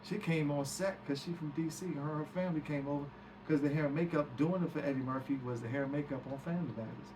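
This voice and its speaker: A man's voice: fairly high pitch, fast, few pauses. A man recounting a story as a guest, acting out quoted speech and swearing freely. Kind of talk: animated storytelling. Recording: distant mic with background hiss.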